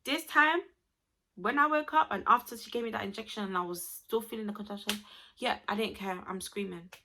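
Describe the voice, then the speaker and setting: A woman's voice: mid-range voice, fast talker, sharp tone, a little hiss or hum. A young woman, chatting expressively to camera as she tells a personal story to her viewers. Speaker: vlogger.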